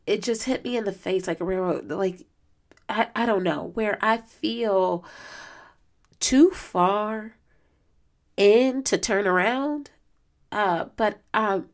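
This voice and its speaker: Earnest, strained woman podcast host. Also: medium pitch. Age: adult student. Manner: earnest, reflective, emotional, with many fillers. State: strained voice from lack of sleep. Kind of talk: casual solo podcast talk.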